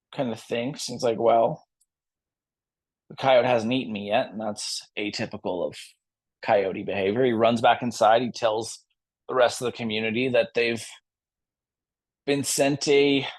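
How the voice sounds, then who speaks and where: A man leading a yoga class, guiding gently and telling a story between poses. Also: medium pitch, measured pace, long pauses. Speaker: yoga teacher.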